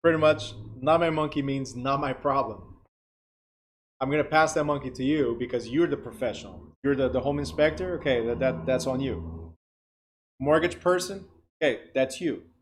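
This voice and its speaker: A man's voice: medium pitch, moderate pace, a little hiss or hum. A man hosting a live-stream class, talking casually with the students and checking in with them often. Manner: relaxed, conversational, many check-in tags. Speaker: class instructor and livestream host.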